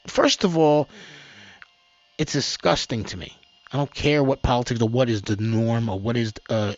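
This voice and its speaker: Unhurried and mid-range in voice, this man hosts his own news commentary, reading reports aloud and mocking them. He rambles and restarts often. The dry recording has a dull, lo-fi sound.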